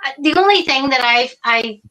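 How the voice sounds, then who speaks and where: A woman co-hosting a live stream, chatting loosely and swearing freely. Her voice is high and bright. She tells stories in a rambling, easy way. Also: lively intonation, low-quality recording. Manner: sweary, chatty, quick to laugh. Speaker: co-host. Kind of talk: casual chat on a live stream.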